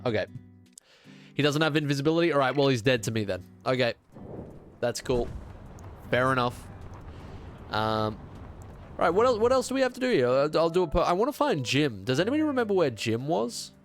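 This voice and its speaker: Congested young guy gaming on stream, sarcastic, mid pitch, bit of quiet guitar music behind. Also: very animated, brisk, long pauses. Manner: chatty, sarcastic, mock-outraged asides to chat. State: congested, sick. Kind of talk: casual gaming stream chat.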